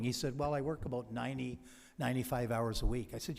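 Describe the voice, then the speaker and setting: A man's voice: medium pitch, fast. A man giving a convocation speech from a podium, telling stories and quoting people he met. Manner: storytelling, quoting others. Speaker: convocation speaker. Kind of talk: ceremonial speech with anecdotes. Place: large hall. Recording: long hall reverb.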